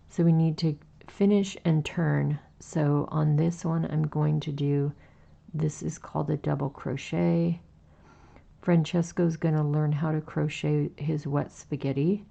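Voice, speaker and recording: Slow, raspy low-voiced woman streamer. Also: lo-fi sound. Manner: slow, gentle, chatty with fillers, reading out chat. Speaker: crochet livestream host. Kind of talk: casual chat while crocheting.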